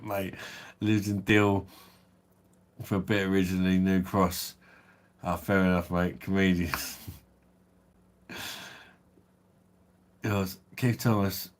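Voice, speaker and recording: A man with a South East London accent hosting a casual livestream, answering viewer comments with laid-back blokey banter and the odd swear. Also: low-pitched. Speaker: livestream host.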